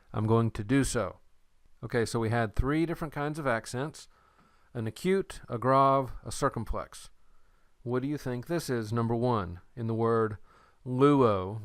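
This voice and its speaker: Slow, clear-voiced man teaching. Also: medium pitch, no echo, clean studio sound. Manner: slow, patient explaining with playful memory tricks. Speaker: Greek teacher. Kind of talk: recorded lecture.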